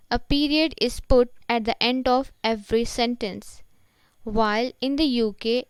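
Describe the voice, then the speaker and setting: Woman teaching vocabulary, smooth voice. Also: a little high, darkish tone, no echo, low-quality recording. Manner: deliberate, explains each word in short phrases. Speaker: English teacher. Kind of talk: classroom-style vocabulary lesson.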